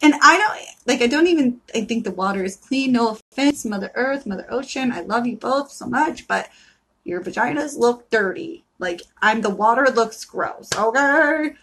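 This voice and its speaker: A woman with a somewhat high voice, doing a livestreamed tarot reading. She talks in a loose, brash way, peppered with profanity, and swings into rowdy motivational pep talks. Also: animated, moderate pace, fairly bright tone, husky. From Florida, US. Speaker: tarot card reader. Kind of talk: live-streamed card reading.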